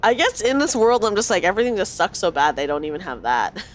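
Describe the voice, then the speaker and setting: Chatty woman streamer with a lively voice. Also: mid-range voice, quick pace, a little hiss or hum. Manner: chatty, reacts aloud and reads lines in character. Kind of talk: gaming stream, reading dialogue aloud.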